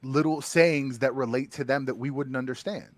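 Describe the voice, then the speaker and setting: A man hosting a casual debate, relaxed in tone, dropping casual swears and pushing back with short questions. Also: mid-range voice, moderate pace, dry recording, clean studio sound. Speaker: host.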